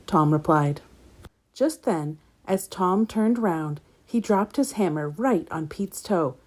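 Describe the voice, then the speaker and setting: A woman reading a children's story aloud in a gentle, expressive way. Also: low voice, measured pace.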